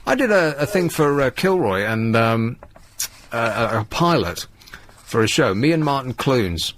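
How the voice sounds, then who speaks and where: Radio host, dry sarcastic delivery, voice swings up and down a lot. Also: male voice, mid-range voice, very animated, unhurried, fairly bright tone, slight background noise. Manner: dry, sardonic, reads tabloid quotes aloud. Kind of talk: late-night radio talk with callers. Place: radio studio.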